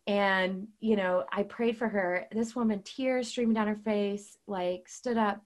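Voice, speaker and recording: A woman's voice: medium pitch, fairly even intonation, measured pace, hardly any pauses. A woman guest and author talking casually about faith, earnest and chatty, with many fillers and restarts. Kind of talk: casual faith talk with storytelling.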